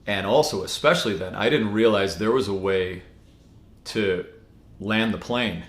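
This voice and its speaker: A man giving a casual spoken teaching, relaxed and rambling, with many fillers and restarts. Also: fairly low pitch, unhurried. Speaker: spiritual teacher. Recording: echoey room.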